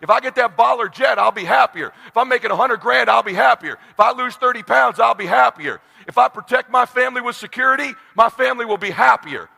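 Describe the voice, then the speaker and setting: A man in his forties giving an intense motivational speech, swinging from hushed talk to shouting. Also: very high-pitched, fast, gravelly, few pauses, in a large hall. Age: 40s. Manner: preachy, addresses crowd as brother. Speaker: motivational speaker.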